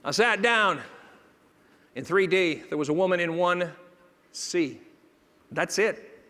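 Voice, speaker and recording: A man's voice: high voice, lively intonation, slow, pushed and bright. A middle-aged man telling a personal story in a motivational speech, acting out the voices of the people in it. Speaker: motivational speaker. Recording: long hall reverb.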